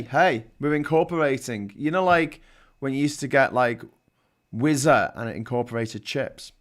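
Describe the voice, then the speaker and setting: Man, Scouse accent, live-stream host, casual rambling chat, sarcastic asides. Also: mid-range voice. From Liverpool, England. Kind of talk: casual chat reading headlines.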